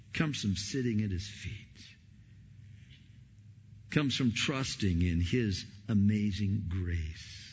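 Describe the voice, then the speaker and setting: A middle-aged male pastor preaching a sermon, swinging from loud emphatic peaks down to hushed whispers. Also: fairly low pitch, measured pace, dull audio, slight background noise.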